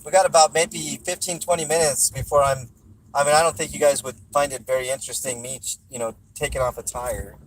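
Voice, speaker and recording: A man's voice: mid-range voice, fairly even intonation, a little fast, slight background noise, rough recording. A man hosting a casual livestream, joking around and reading viewer comments aloud while chewing gum. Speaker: livestream host.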